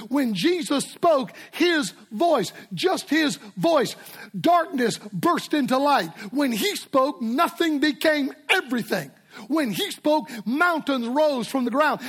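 A man's voice: very high-pitched, fairly bright tone. An older man preaching a sermon in a church, telling stories with an emphatic, repetitive cadence.

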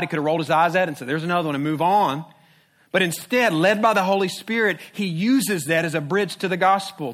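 A man's voice: fairly high pitch, a bit bright. A man preaching a sermon as a pastor, conversational and humorous, with rhetorical questions.

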